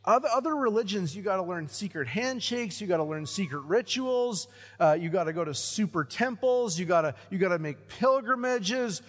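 A man preaching a sermon in a church sanctuary, his voice sitting high for a man. He is animated, pushing some lines out loud and emphatic, then dropping to hushed, low phrases. The sound carries a long reverb from the large hall. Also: normal speed. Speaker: pastor.

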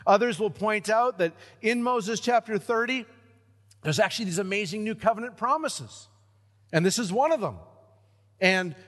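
High-voiced preacher guy, gets loud then drops real quiet, long echo in the church. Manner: animated preaching, swings from loud emphatic lines to hushed low ones. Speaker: pastor. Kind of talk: sermon.

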